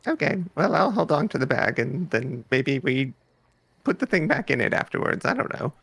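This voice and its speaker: Gravelly, husky player, dry close sound, hesitant delivery. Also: mid-range voice, very animated, moderate pace, fairly bright tone, no echo. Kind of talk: tabletop game banter.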